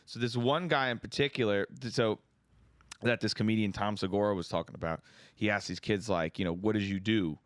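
A man's voice: fairly low pitch, brisk, no echo, clean studio sound. A young man hosting a casual podcast chat, telling stories and acting out the people he quotes. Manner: animated storyteller who acts out quotes loudly. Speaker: podcast host.

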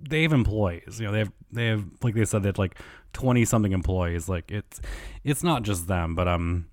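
A man with a fairly low voice hosts a casual solo podcast. He rambles through gossip with loose fillers and frequent swearing. The sound is dry and close, with no room echo. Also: expressive, a little fast, a little mellow. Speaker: podcast host.

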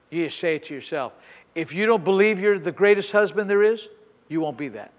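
An older man preaching a sermon as pastor, telling a story with acted-out dialogue, repeating phrases and building to shouts. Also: on the high side, expressive, a little fast, in a large hall.

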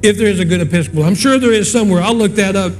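Older male pastor, 60s, high-pitched and homespun, preaching over soft music. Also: rapid-fire. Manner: folksy, conversational storytelling. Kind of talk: sermon with storytelling and prayer.

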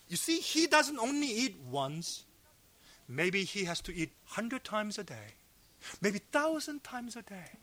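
High-voiced preacher man, slow and dramatic. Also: dry recording. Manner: swings from loud cries to hushed low tones. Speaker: pastor. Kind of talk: sermon. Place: fellowship meeting hall.

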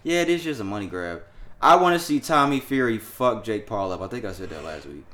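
A man hosting a casual sports and pop-culture podcast, profane and laughing, swinging between loud and quiet. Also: on the low side, expressive, brisk. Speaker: podcast host.

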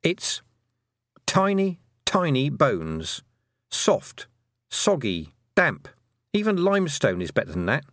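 A man voicing a brisk, sharp-tongued woman who is a witch and a teacher, in an audiobook. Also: fairly high pitch, huge pitch swings, no echo, clean studio sound, voice pushed up, exaggerated voice. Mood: lecturing. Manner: brisk, emphatic, lecturing. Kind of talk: audiobook character voice.

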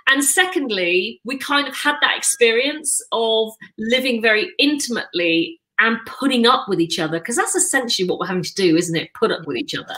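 A middle-aged woman, a mother of three, telling a story as a guest in a casual chat with quick enthusiasm. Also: a little high, expressive, bright, forceful tone, poor audio.

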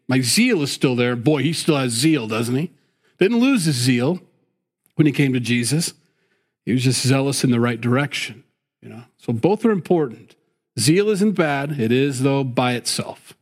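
A middle-aged man delivering a sermon at a mid pitch. His manner is folksy and conversational, full of asides and casual interjections. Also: darkish tone. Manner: folksy, conversational, frequent "you know" and "boy". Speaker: pastor.

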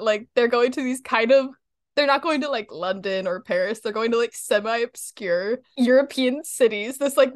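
A woman's voice: a little high, no echo, clean studio sound. A young woman co-hosting a casual podcast, gushing about an episode, often laughing and quoting lines. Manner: giggly and gushing, breaks into laughter and quotes lines in a put-on voice. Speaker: podcast co-host. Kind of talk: casual podcast chat recapping a cartoon episode.

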